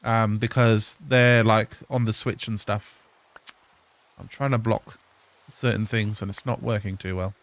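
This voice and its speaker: A man in his thirties from England with an English accent softened by Australian, chatting casually with viewers while playing a game live. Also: lowish voice, steady tone, measured pace. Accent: English mixed with Australian. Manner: chatty, answers viewers, laughs often. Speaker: live streamer. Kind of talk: casual live-stream chat while gaming.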